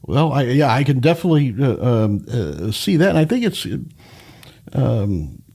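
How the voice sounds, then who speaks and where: Mellow, husky-voiced male radio host. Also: medium pitch, sing-song, normal speed. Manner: hesitant, many fillers and restarts. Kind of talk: interview.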